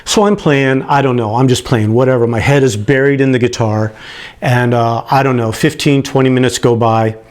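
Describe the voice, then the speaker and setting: A man in his late fifties telling a personal story, animated and prone to chuckling, who gets emotional as he talks. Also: mid-range voice, moderate pace. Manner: animated, acts out the people he quotes, chuckles as he talks.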